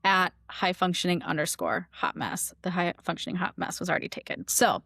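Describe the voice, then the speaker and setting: A woman with a lowish, gravelly voice chats as a podcast guest. She talks freely, dropping "like" into almost every thought. The sound is close and dry, with no room around it. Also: steady tone, fairly quick, fairly bright tone, dry recording. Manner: chatty, lots of "like" fillers. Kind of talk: casual podcast chat.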